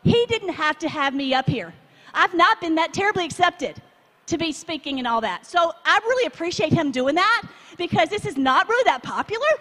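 A woman from Texas, preaching to a live audience in a chatty, animated way and asking the crowd to join in. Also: very high-pitched, a little fast. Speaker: conference speaker. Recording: long hall reverb.

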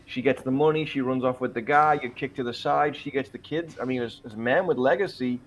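A man's voice: mid-range voice, brisk, a little hiss or hum. Earnest man telling his testimony. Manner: earnest and emphatic, quoting his own prayers. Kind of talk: personal testimony in a podcast interview.

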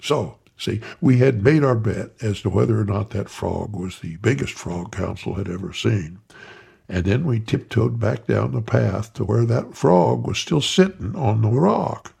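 A man telling a folksy tale in an unhurried way, talking straight to his listeners, with a gravelly, husky voice. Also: fairly low pitch, expressive, darkish tone. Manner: unhurried, addressing listeners by name. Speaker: storyteller. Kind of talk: folksy spoken storytelling.

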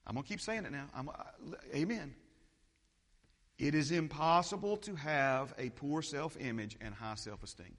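High-voiced man preaching in a reverberant hall. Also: moderate pace, a bit bright. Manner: emphatic, repetitive, building lists, interjects "amen". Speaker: pastor. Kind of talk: sermon.

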